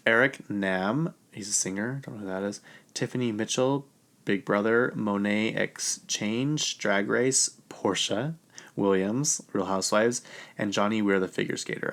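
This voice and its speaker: Chatty low-voiced man talking pop culture. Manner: chatty, excitable, laughs often. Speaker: podcast host. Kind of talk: casual pop-culture chat.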